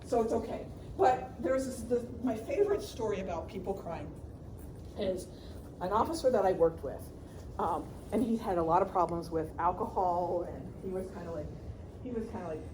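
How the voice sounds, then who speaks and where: A woman's voice: medium pitch, noisy background. Chatty woman leading a grief workshop. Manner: lively, chatty, laughs often, asks the audience "right?". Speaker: grief counselor presenter. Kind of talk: conference workshop talk.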